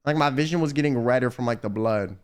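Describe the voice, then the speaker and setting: In casual livestream commentary, a young man reads viewers' confessions out loud and reacts with cursing and exasperation. His medium-pitched voice is smooth and fast.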